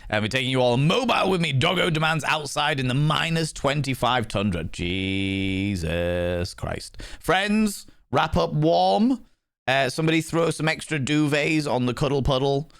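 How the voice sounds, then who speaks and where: A man's voice: fairly high pitch, fairly quick, vocal fry, hardly any pauses, fairly bright tone, no room sound, studio quality. A young man chatting casually as a game streamer, rambling and playful and swearing freely. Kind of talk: casual livestream chat.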